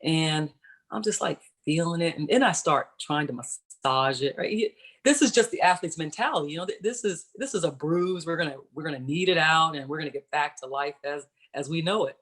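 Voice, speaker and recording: Speaking brisk and animated, a woman with a low, slightly rough voice that has a bit of brightness shares her life story. She's in her forties, once played professional basketball, and sits on a virtual panel over video call, explaining conversationally and asking "right?" along the way.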